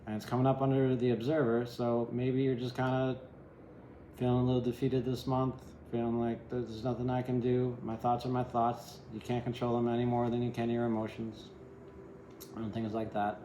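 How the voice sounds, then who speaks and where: A man's voice: medium pitch, flat delivery, normal speed, warm tone, a little hiss or hum. A man giving a casual tarot reading in a rambling way, often asking "right?" and adding wry, self-deprecating asides. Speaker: tarot reader. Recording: echoey room.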